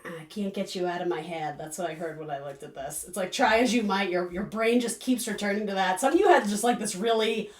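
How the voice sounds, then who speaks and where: A woman's voice: medium pitch, fairly quick, hardly any pauses, recorded from a distance. A woman giving a casual, rambling tarot reading to camera, full of asides and fillers. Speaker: tarot reader. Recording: echoey room, voice a bit off-mic.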